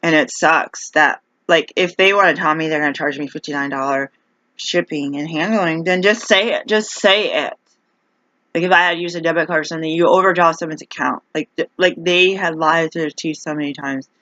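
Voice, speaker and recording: A woman's voice: sits low, brisk, fairly bright tone, no room sound. A woman ranting in a casual vlog, rambling and exasperated as she complains. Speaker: vlogger. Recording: dull, dry lo-fi recording.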